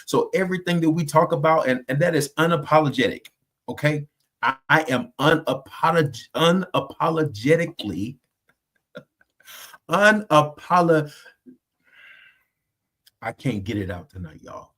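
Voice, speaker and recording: A man's voice: fairly high pitch, lively intonation, normal speed, a bit bright. A man from the United States hosting a faith podcast, talking in an earnest, emphatic, preacherly way. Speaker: host.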